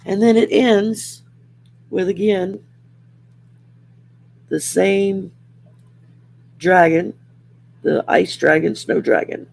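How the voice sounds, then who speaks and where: Hosting a casual livestream from a home setup by a window, a Southern woman reads oracle cards in a rambling, folksy way with lots of fillers. Her medium-pitched voice carries vocal fry and a darkish tone, and she talks very slowly with frequent pauses.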